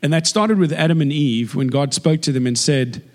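Man, preacher, sermon, chatty and jokey, higher voice, echoey hall. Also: moderate pace. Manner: chatty, jokey and animated, with laughs. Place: church hall. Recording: echoey hall with long reverb.

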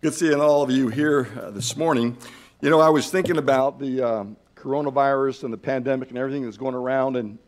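A man's voice: mid-range voice, steady tone, fairly quick. A man preaching a sermon in a loose, folksy way, with many fillers and restarts. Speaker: pastor. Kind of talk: sermon with a told joke.

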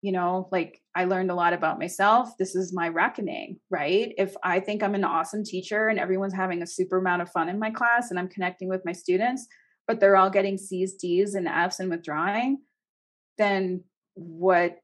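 A woman's voice: fairly low pitch, steady tone, moderate pace. Woman podcast guest, emphatic and urgent, rhetorical questions. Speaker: guest, education consultant. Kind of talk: podcast interview.

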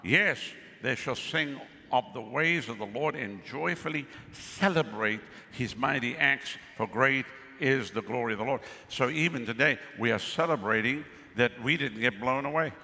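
A man's voice: mid-range voice, normal speed, creaky, few pauses, pushed and bright. A man preaching a sermon as pastor. He is exclamatory and keeps calling out to the crowd for responses, in a venue with a crowd. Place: outdoor pavilion with a crowd. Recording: long reverb with faint ambient noise.

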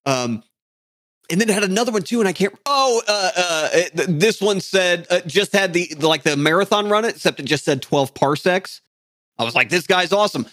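A young man joking around on a podcast, with a lively voice that rises and falls a lot and sits a little high. The sound is close and dry. He is quick to laugh. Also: no echo. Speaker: podcast co-host. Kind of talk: casual chat.

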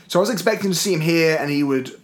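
A man's voice: on the high side, rapid-fire. A man co-hosting a casual podcast, wry and joking. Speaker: podcast co-host. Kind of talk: casual chat.

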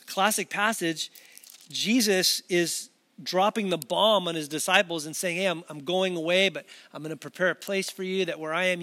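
High-voiced man preaching conversationally. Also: fairly bright tone, long reverb tail. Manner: conversational, acts out quoted voices. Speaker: pastor. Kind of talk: sermon.

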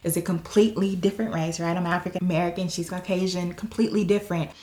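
Animated woman telling her story. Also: fairly low pitch, fast. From Watts, California. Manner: animated, full of "um" and "like", laughs often. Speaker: interview guest. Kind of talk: personal storytelling in a conversation. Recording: roomy echo.

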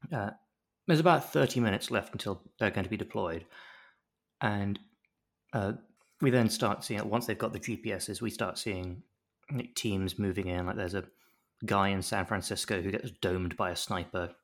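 Speaking at a normal speed with a voice on the low side, this man co-hosts a podcast that recaps a TV episode. He chats casually in an animated, jokey way, doing different voices for the quotes he acts out.

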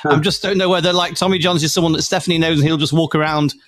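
A man's voice: fairly high pitch, steady tone, fast, a bit bright. A man co-hosting a casual podcast chat, teasing and laughing often. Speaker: podcast co-host.

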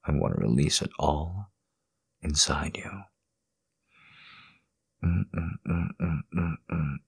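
A man in a whispered role-play, speaking in a slow, intimate, coaxing murmur that moves between whispers and a low voice. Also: lively intonation, vocal fry, warm tone, breathy edge. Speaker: audio role-play performer.

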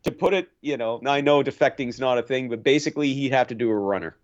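A man's voice: medium pitch, quick pace, dull audio. A man co-hosting a hockey podcast, chatting casually and rambling through stories with lots of restarts. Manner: rambling, animated, many restarts. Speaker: podcast co-host. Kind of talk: casual chat.

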